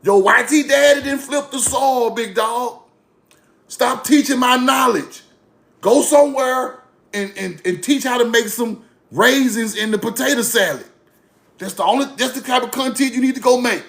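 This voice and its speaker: Gravelly high-voiced man ranting. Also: normal speed, a bit bright. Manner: blunt, profane, mocking, repetitive. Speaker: online commentator. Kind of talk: casual rant to camera.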